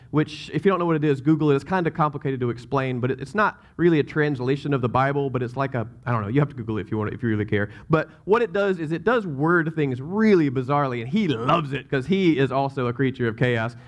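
Southern US man preaching casually. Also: fairly high pitch. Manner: casual, rambling, self-interrupting. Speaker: pastor. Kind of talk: sermon.

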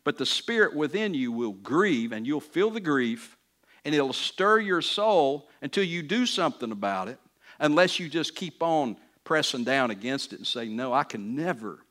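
A man's voice: a little high, very animated, normal speed, fairly bright tone. A man pastor preaching a sermon in an earnest, conversational way, often restarting phrases and building to emphatic peaks.

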